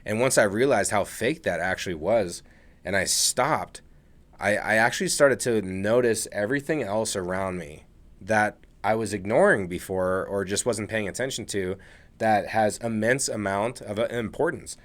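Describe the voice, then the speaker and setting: A man with a fairly low voice hosts a podcast in a relaxed, conversational way. He speaks earnestly and often repeats his opening words before he gets into a sentence. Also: moderate pace. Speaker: podcast host. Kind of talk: casual podcast chat. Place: podcast studio at a table.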